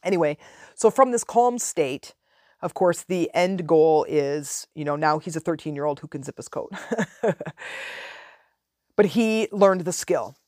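A woman's voice: low voice, lively intonation, dark tone, dry recording, studio quality. A woman in her forties telling a parenting story in a frank, casual monologue as a podcast host. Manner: frank, conversational, drawn-out emphasis.

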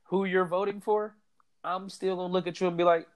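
A man with a slightly high voice talks loosely in a casual podcast chat. He is laid-back and slangy, and he laughs often between his points. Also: steady tone, fairly quick, clear, resonant tone. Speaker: podcast co-host.

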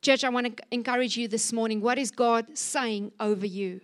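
A woman's voice: a little high, normal speed. A woman preaching a sermon in a church service, fervent and exhorting, acting out scripture quotes with a raised voice.

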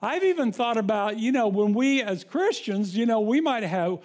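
A pastor with a notably high voice delivers his sermon in an easy, conversational way. He stumbles and restarts often as he talks, then slows down to read scripture aloud. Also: animated, a little mellow.

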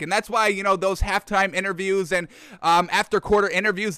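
A man doing casual sports commentary, excitable and profane, who keeps calling the audience folks. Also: high-pitched, fairly quick, smooth, dry recording. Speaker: sports talk host.

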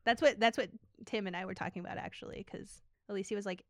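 A woman's voice: mid-range voice, fairly even intonation, fast talker, no echo, clean studio sound. A woman co-hosting a podcast in casual chat, telling anecdotes, swearing and laughing as she talks. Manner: chatty storyteller, swears, laughs through her anecdotes. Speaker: podcast co-host.

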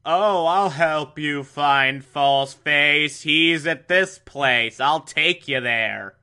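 A reluctant femme fatale from an old TV show, as a man mimics her while recapping. The lines come out slowly and drawn out, in a bright, mock-earnest tone. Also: fairly high pitch, smooth, heavily acted. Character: reluctant female villain's accomplice, femme fatale.

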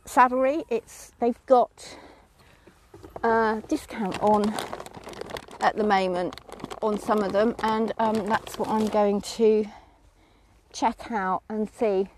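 A woman's voice: medium pitch, steady tone, takes it slowly, pauses often, a little hiss or hum. A middle-aged woman chatting casually outdoors with horses, breaking off to call commands to a horse she is lunging. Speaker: horse owner vlogger.

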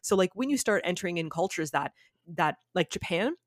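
A woman guest in casual conversation, telling stories with lively acted-out quotes. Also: on the low side, a little fast, no room sound, clean studio sound. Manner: animated storyteller, acts out quotes. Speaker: podcast guest. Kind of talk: casual chat.

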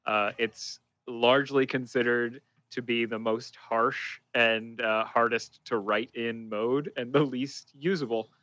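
A man's voice: medium pitch, steady tone, measured pace, few pauses, pushed and bright, dry recording, highs cut off. A man chatting casually as a podcast player, laughing often and self-deprecating.

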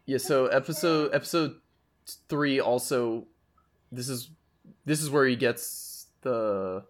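A man's voice: mid-range voice, takes it slowly. A man in casual group chat about an anime, opinionated and rambling, swearing often.

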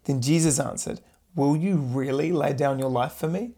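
A man co-hosting a podcast, reading scripture aloud at a steady pace between short agreeing remarks. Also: fairly high pitch, normal speed. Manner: reads steadily, brief agreeing interjections. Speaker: podcast co-host. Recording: voice from far off the mic.

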